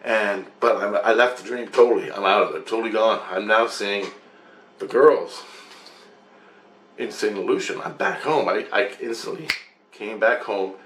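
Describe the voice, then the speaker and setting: A man's voice: lowish voice, normal speed, roomy sound. Man rambling through a dream story. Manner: rambling, profane, animated retelling with laughs. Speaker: vlogger telling a dream. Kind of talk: casual storytelling. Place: his apartment. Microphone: camera mic.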